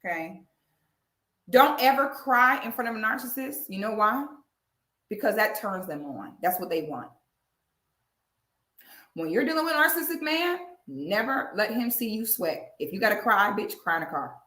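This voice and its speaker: Blunt, bright-voiced woman host. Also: fairly high pitch, normal speed, long pauses. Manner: blunt, slangy, animated. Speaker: show host. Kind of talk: casual reaction commentary. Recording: echoey room.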